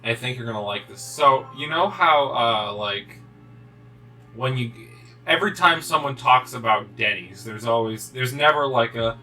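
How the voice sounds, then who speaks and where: A man's voice: medium pitch, animated, moderate pace, bright, forceful tone, recorded from a distance, soft background music, rough recording. A young man co-hosting a gaming video, telling a rambling, swearing story with many restarts. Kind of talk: casual chat while playing.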